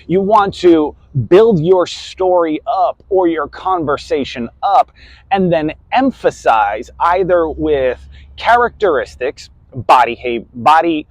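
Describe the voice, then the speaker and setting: Emphatic man, fairly high voice, dry close sound. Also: dry recording, poor audio. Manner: emphatic, leans on key words with volume; keeps repeating "so on and so forth". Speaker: host. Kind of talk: motivational talk to camera.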